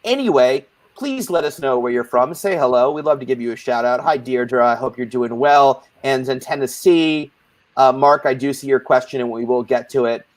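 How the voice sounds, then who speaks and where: A man's voice: medium pitch, normal speed, dry recording. Playful rambling male panel host. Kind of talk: casual live-stream support group hosting.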